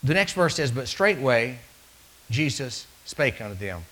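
A man preaching a sermon, telling stories and swinging between loud calls and hushed asides. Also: mid-range voice, very animated, a little slow, low-quality recording.

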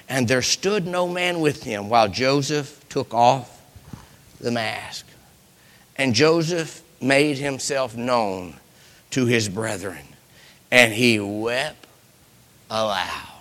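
Slow, bright-voiced preacher, swinging loud to whispers. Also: male voice, medium pitch, big-room sound. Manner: dramatic storytelling, acting out Bible characters, dropping to whispers. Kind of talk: sermon.

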